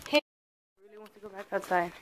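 Filmed on a handheld phone at home and out in the rain, this casual vlog features a young mother talking to her viewers alongside her daughter, switching between Spanish and English. She speaks at an ordinary pace in a medium pitch with lively intonation, and a crowd can be heard behind her.

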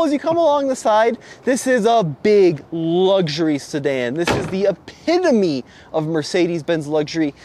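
A man's voice: high voice, a little mellow. A man co-hosting a casual car review outdoors, wry and sarcastic as he shows off an old luxury sedan. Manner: wry, sarcastic, enthusiastic showman. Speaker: co-host presenting cars.

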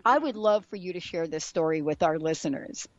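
A woman's voice: sits low, expressive, a little fast, no room sound, lo-fi sound. A woman hosting a radio talk show, chatty and effusive as she introduces her guest. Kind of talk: radio interview.

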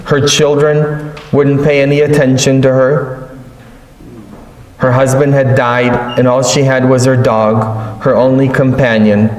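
A man preaching a sermon as a priest, telling stories with joking asides in a slow homily style. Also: medium pitch, flat delivery, a little mellow. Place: large church. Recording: echoey church from a distance.

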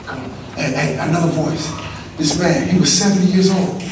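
Male motivational speaker from Los Angeles, high voice, call-and-response storytelling, booming hall reverb. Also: normal speed, noisy background. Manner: storytelling, call-and-response with the audience, swings from hushed to shouting. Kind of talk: motivational assembly speech. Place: school gym or auditorium. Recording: echoey hall, voice from far off.

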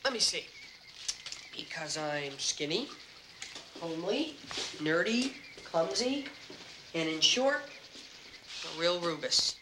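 A man's voice: on the high side, expressive, slow pace, pauses often, background noise. An actor playing a nervous, stammering, nerdy teenage boy, heard as film audio with music behind. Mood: awkward.

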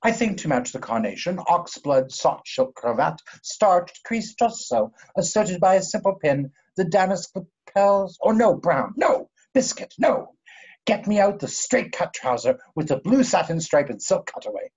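A man's voice: high-pitched, very animated, a little slow, a little mellow, husky, exaggerated voice. A man reading as a pompous old dandy. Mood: fussy. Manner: pompous, drawling, theatrical. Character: pompous older English gentleman, vain dandy. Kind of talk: play reading over video call. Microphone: video call. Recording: dull lo-fi video call audio.

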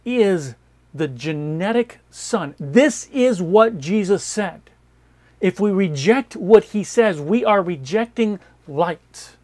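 Emphatic man preaching a Bible sermon. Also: fairly high pitch. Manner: emphatic, repeats key phrases, swings between loud stresses and quiet asides. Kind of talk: sermon-style Bible teaching.

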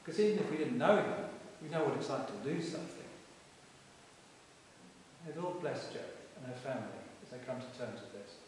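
Emphatic vicar preaching in an echoey church. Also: male voice, medium pitch, animated, fairly quick, a little mellow. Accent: Welsh. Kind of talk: sermon. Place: stone church, live service. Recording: echoey church from far off with hiss.

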